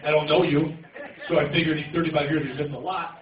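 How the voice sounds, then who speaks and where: A man doing brash, teasing stand-up crowd work, swearing and jumping into shouted punchlines. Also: fairly high pitch, level tone, fast, recorded from a distance. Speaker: stand-up comedian. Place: comedy club with a loud audience. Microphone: phone camera in the audience, far from the stage. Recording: dull, echoey phone clip from afar, loud crowd.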